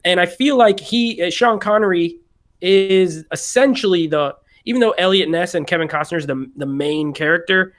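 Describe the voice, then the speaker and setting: A man's voice: high voice, fairly bright tone. A man co-hosting a casual movie podcast, thinking aloud and explaining his opinions at length. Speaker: podcast co-host. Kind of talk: casual chat.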